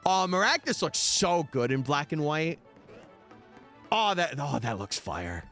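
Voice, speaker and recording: A man's voice: fairly high pitch, big pitch swings, a little slow, a bit bright. A young man streaming live, chatting casually and answering his viewers' messages over faint background music. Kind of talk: casual livestream chat.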